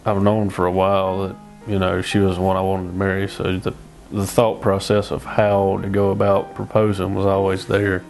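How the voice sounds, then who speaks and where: A quiet, plain-spoken man being interviewed. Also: sits low, monotone, normal speed, vocal fry. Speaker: groom interviewed about proposing. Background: guitar music.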